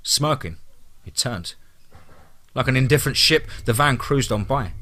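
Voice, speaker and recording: Male horror narrator, bright tone, grim dramatic reading. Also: mid-range voice, expressive, moderate pace.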